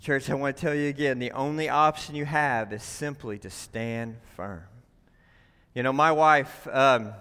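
A man's voice: medium pitch, measured pace, sharp tone, smooth. A man preaching a sermon to his church, emphatic, often asking "right?" to the room. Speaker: pastor. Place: church sanctuary. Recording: long hall reverb.

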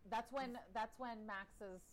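A woman co-hosting a podcast in casual chat, animated and quick to act out what others said. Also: fairly high pitch, slight background noise, rough recording. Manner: animated, laughs, acts out quotes. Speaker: podcast co-host.

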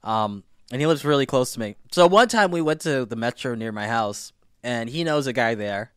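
A man chatting casually as a podcast guest, rambling with many restarts and fillers, and getting animated when he retells a story. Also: medium pitch, normal speed, clear, resonant tone, dry recording, studio quality. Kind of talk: casual chat.

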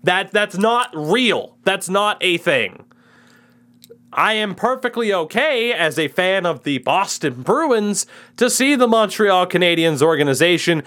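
A man's voice: high-pitched, fairly bright tone. A man in his twenties, co-hosting a casual sports chat and giving opinionated takes. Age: 20s. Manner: opinionated, ranting, swearing. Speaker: podcast co-host.

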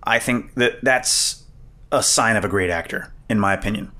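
Man, low voice, casual podcast co-host, film talk, animated retellings. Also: moderate pace. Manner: animated when retelling scenes, laughs often.

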